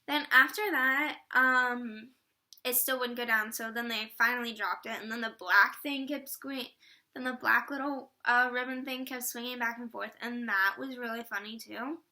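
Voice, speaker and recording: A bubbly teenage girl chats straight to her camera, rambling on with plenty of fillers. Her voice sits high and comes across bright and sharp. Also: fairly even intonation, moderate pace. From Atlanta area, US Southern. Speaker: vlogger. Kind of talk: casual chat.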